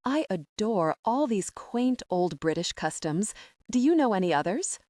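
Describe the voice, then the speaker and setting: A woman's voice: mid-range voice, big pitch swings, measured pace, a little mellow, no room sound, studio quality. A woman reading the part of a poised, friendly American businesswoman who speaks in a gracious, polished way.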